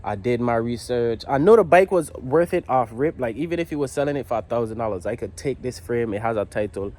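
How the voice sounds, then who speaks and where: A man's voice: mid-range voice, expressive, fairly quick, darkish tone. Man slangy, rambling garage vlogger. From U.S. Virgin Islands. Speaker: motorcycle builder. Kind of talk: casual vlog talk. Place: home garage.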